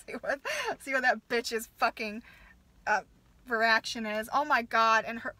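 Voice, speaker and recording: A woman's voice: on the high side, fairly even intonation, a little slow, long pauses, sharp tone. A mother ranting in a furious, profane casual rant, with stumbling restarts. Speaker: vlogger, mother.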